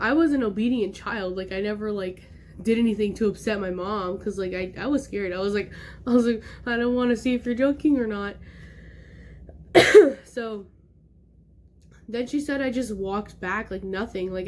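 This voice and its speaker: A young woman vlogger telling a personal story in casual talk, animated and acting out the voices she quotes. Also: medium pitch, slight background noise.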